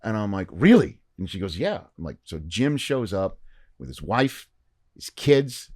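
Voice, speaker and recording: Deep-voiced man telling a story. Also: unhurried, dry recording, clean studio sound. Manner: animated storyteller, acts out quoted dialogue. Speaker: podcast guest. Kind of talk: casual storytelling chat. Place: podcast studio.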